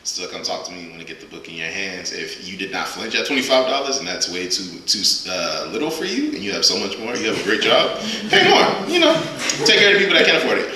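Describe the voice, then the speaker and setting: The featured poet here speaks low and fast with a sing-song lilt and a sharp edge, firing off rhythmic, emphatic questions in his spoken-word set before talking loosely to the crowd. It's recorded in a heavily echoing room.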